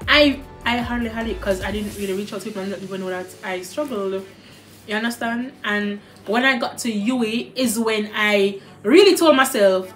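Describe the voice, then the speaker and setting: A woman's voice: medium pitch, normal speed, soft background music. A young woman with a Jamaican accent, talking candidly and animatedly as a guest in a casual chat over a meal, slipping into patois.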